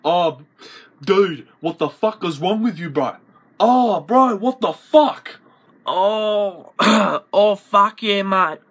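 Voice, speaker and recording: Sketch character: a man doing a loud, high-strung Australian lad, bright and shouty, constant threats. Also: measured pace. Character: aggressive young Australian lad, threatening and hot-tempered.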